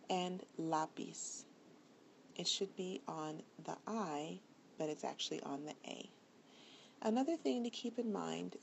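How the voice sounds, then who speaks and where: A woman teaching a pronunciation lesson, explaining rules slowly and repeating example words for the class. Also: creaky, darkish tone. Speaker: Spanish teacher. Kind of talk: classroom lecture. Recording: faint background noise and low rumble.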